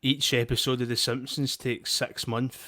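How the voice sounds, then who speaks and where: A man chatting casually on a podcast, trailing off quietly at times. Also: medium pitch, level tone, moderate pace, crowd noise. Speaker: podcast co-host. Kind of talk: casual chat.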